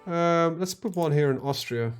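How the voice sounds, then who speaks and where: A man's voice: on the high side, normal speed, soft background music. A man live-streaming a strategy game, talking casually to himself and his chat, full of ums and the odd swear word. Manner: thinks aloud, lots of ums, casual swearing.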